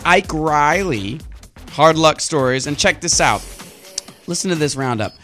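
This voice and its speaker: An eager young man co-hosting a chatty podcast, rattling off items with hyped enthusiasm. His voice sits a bit higher than most men's, with faint music running underneath. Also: expressive, a little slow, a bit bright. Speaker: podcast co-host. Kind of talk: casual chat, reading a music release list.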